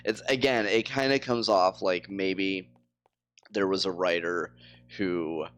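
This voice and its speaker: A man's voice: low voice, fairly even intonation, slow pace, fairly bright tone. A man chatting casually on a live game stream, rambling with lots of fillers.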